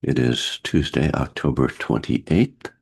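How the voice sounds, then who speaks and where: A man with a cold leading a guided meditation over a video call, speaking gently with pauses and fillers. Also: very deep voice, vocal fry, slightly rough. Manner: slow, gentle, pausing guidance with fillers. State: has a cold, husky voice. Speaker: meditation teacher.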